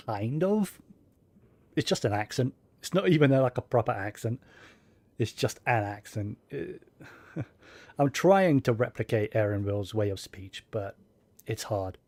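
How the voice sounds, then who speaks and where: A man's voice: mid-range voice, darkish tone, no room sound. A man playing a game on stream and chatting casually, self-deprecating about his own voice work. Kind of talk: casual let's-play commentary.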